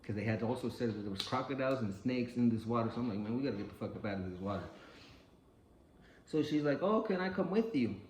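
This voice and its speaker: Laid-back guy with a lowish voice telling his story, swears a lot, echoey room, faint hum. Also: fast talker, a little mellow. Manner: loose, profane, full of "like" and acted quotes. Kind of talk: casual personal storytelling.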